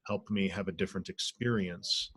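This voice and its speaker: A man who teaches spirituality, leading an online healing circle in a gentle, reflective way, pausing often on fillers. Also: low voice, steady tone, slightly rough, no echo. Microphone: video call.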